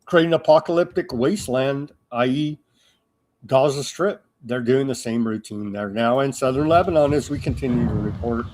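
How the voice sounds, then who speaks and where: A man's voice: mid-range voice, normal speed, darkish tone. A man hosting a live political news commentary show, talking in a sarcastic, mocking way with lots of fillers and restarts.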